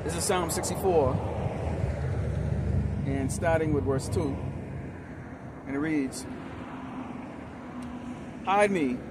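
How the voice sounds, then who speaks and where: A man preaching a fiery street sermon outdoors, loud and confrontational, hurling crude insults at his listeners. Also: on the high side, slow, long pauses. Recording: loud traffic noise outdoors. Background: loud traffic.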